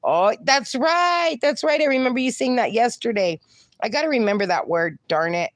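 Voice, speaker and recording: A woman's voice: fairly high pitch, expressive, normal speed. Chatty woman live-streaming. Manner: chatty, affectionate, calls viewers darling. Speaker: livestream host. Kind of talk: casual live-stream chat, reading viewer comments aloud.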